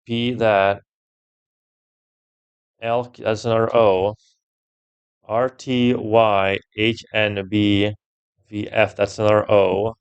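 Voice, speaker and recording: A young man commenting while he plays a puzzle game, thinking out loud, swearing often and getting loudly frustrated. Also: lowish voice, little pitch movement, slow pace, pauses often, smooth. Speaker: gameplay streamer.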